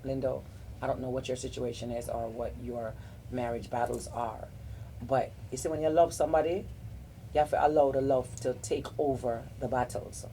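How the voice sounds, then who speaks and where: A middle-aged woman from South Florida hosts a podcast, offering earnest, rambling relationship advice in a casual group chat. Her bass voice is steady and her pace moderate, with a little hiss or hum in the recording. She comes across warm-hearted and often restarts her thoughts.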